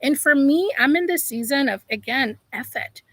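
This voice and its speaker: A woman speaks live to her viewers as a life coach, emphatic and a little preachy, calling them y'all. Her voice sits a bit high. The sound is dry and close, with no room in it. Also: animated, moderate pace, a bit bright, no room sound, low-quality recording. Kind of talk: live-stream motivational talk.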